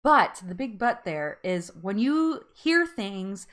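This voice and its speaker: A woman's voice: medium pitch, very animated, takes it slowly, fairly bright tone. A woman hosting a casual live-stream chat with viewers, chatty and rambling, often laughing at herself.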